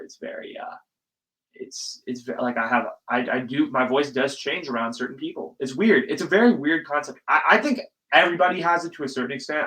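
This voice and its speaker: A young man hosts a solo podcast in a casual, ranting style. His voice is bright and sharp, sitting in an ordinary middle pitch. He talks emphatically, swears freely and swings between loud bursts and quiet asides. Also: poor audio. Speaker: podcast host.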